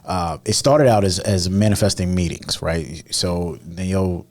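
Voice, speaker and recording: A man co-hosting a podcast, telling stories in relaxed, slangy casual chat with frequent restarts. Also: low voice, normal speed. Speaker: podcast co-host.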